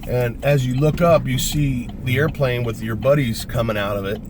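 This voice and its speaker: A man with a mid-range voice tells a rambling, profane story about his paratrooper days, dropping "man" and "you know" often. He talks casually from inside a car. Steady vehicle noise runs clearly under the recording. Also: mid-range voice, normal speed. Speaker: vlogger, former paratrooper.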